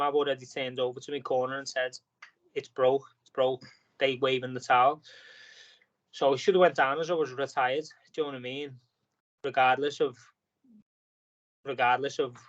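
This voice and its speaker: A man in a casual podcast interview, retelling events in a rambling way full of "like" and restarts. His voice is mid-pitched. The audio is dull and lo-fi. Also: fairly bright tone. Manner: rambling storytelling with many fillers. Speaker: boxer guest.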